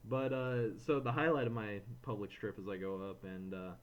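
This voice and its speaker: A man co-hosting a podcast, telling a frustrated story in casual chat, animated and ranting, slipping into quoted voices. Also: lowish voice, moderate pace. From Florida, USA. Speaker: podcast co-host.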